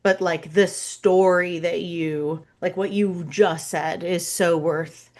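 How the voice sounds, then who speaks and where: A woman's voice: lowish voice, steady tone, takes it slowly, darkish tone. A woman hosting a podcast interview, reflective, hunting for her words and checking in with "right?". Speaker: podcast host. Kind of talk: casual interview conversation.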